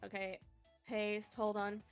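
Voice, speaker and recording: A woman's voice: mid-range voice, completely flat delivery, takes it slowly, soft background music. A woman chatting casually and playfully while co-streaming a game, laughing often. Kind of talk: casual let's-play chat.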